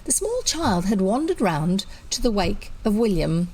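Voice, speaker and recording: A woman's voice: mid-range voice, very animated, a little slow, darkish tone, a little hiss or hum, poor audio. A woman with a New Zealand accent reading a children's story aloud and adding chatty asides. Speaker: audiobook reader.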